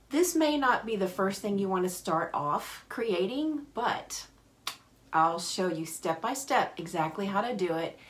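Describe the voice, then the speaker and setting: A woman hosting a live paper craft tutorial, chatting cheerfully and greeting viewers by name. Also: lowish voice. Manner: cheerful, apologetic asides.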